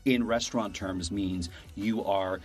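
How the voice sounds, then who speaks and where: A man co-hosting a podcast, explaining things in a measured, casual way. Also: sits low, steady tone, soft background music. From Canada. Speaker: podcast co-host. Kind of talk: casual comedic chat.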